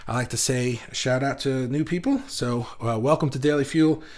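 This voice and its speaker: A man hosting a live online group session, with a voice of ordinary middle pitch. He talks in a loose, rambling way, full of fillers and restarts, as he reads viewer comments aloud. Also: moderate pace, a little mellow. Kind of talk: casual livestream talk, reading comments aloud.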